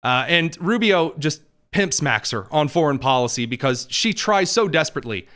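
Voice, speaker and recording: A man hosting a political commentary show, talking in a quick, mocking way with jokey asides. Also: on the high side, lively intonation, fairly bright tone. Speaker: host.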